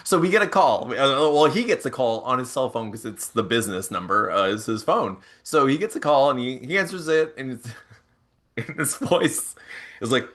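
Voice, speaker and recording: A man hosting a podcast, telling a casual story in an animated way with frequent chuckles and restarts. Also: fairly high pitch, moderate pace. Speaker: podcast host.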